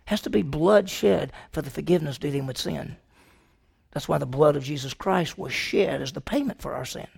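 A man preaching a sermon, asking the congregation rhetorical questions, with his pitch jumping high on points he stresses. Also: moderate pace, gravelly, a little mellow, breathy edge. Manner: pitch jumps high when emphatic.

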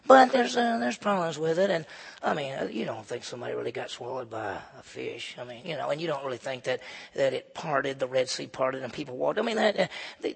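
A man preaching a sermon in a church, emphatic, swinging between loud peaks and low, quiet stretches. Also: gravelly, slightly rough. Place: church sanctuary. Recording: long reverb of a large hall.

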